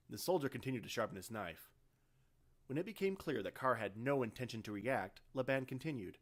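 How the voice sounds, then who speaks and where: A man, the author, reading his own science fiction story aloud in steady, even narration. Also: mid-range voice, fairly quick. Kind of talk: audiobook narration.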